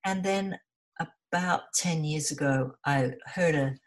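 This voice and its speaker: A woman's voice: deep voice, measured pace. A middle-aged woman speaking as an interview guest, telling her story in an earnest, passionate way. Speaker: interview guest, environmental volunteer. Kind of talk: conversational interview.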